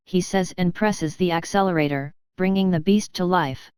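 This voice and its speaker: Crisp, low-voiced female audiobook narrator. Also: moderate pace, no room sound. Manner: steady storytelling. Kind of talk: first-person audiobook narration.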